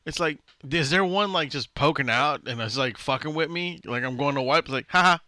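A blunt man co-hosting a casual podcast, swearing freely and laughing along. His voice is very bright and a touch high. The recording is dry, with no room sound. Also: fairly quick, dry recording. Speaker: podcast co-host. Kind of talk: casual crude banter.

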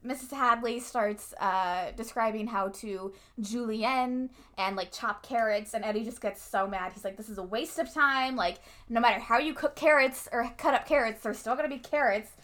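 A woman with a slightly higher voice talks through an episode recap with a friend. She is chatty and keeps dropping in her own opinions about what happened. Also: moderate pace, few pauses, fairly bright tone.

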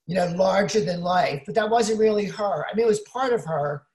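A woman's voice: mid-range voice, brisk, darkish tone, roomy sound. A woman co-hosting a casual chat, explaining things at length and often saying "you know".

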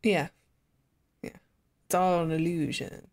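A woman's voice: on the low side, fairly even intonation, takes it slowly, darkish tone. A woman co-hosting a podcast, chiming in with dry, brief, wry remarks about a TV episode. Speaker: podcast co-host. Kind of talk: casual chat reviewing a TV episode.

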